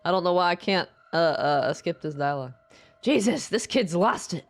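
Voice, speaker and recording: Chatty woman streamer, lively voice. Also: on the low side, normal speed, faint music behind. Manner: chatty, rambling, jumps into loud reading of lines. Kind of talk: casual gameplay commentary and reading dialogue aloud.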